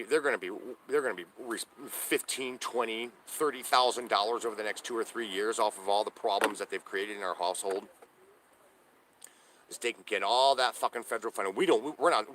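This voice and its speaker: A man's voice: mid-range voice, fairly quick, a bit bright, slight background noise. A middle-aged man vlogging from his trailer, ranting to camera in a profane, aggrieved way and often restarting his sentences. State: homeless, living in a trailer. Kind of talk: casual rant to camera. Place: inside a parked trailer on a hot day. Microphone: handheld camera.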